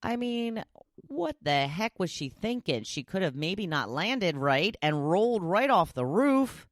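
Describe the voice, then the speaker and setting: Chatty woman host for a solo talk show, animated and lively, recorded dry with no room. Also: fairly low pitch, measured pace, no room sound. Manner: chatty and animated, often laughing. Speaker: podcast host. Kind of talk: casual solo podcast chat.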